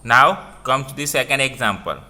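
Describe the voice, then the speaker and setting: A man's voice: medium pitch, lively intonation, moderate pace, sharp tone. A man with an Indian English accent teaching a grammar lesson, repeating points and quizzing listeners with "what?".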